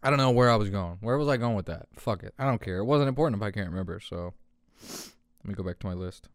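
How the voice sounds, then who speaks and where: Here the solo podcast host, a young man, talks fast and animated in a lowish voice. The studio recording has no echo, and he rambles loosely, cursing and laughing at his own gags.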